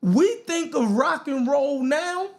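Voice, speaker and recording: A man's voice: extremely high pitch, animated, slow pace. A man with a Baltimore accent hosting a podcast in a casual commentary style, who keeps asking his listeners "right?". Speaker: podcast host.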